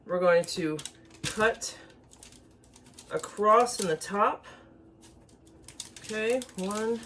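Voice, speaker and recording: A woman with a voice of ordinary middle pitch hosts a relaxed home cooking video. She talks viewers through each step in a chatty, easygoing way. She is recorded in her kitchen with faint noise underneath. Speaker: home cook and channel host. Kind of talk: casual cooking demo.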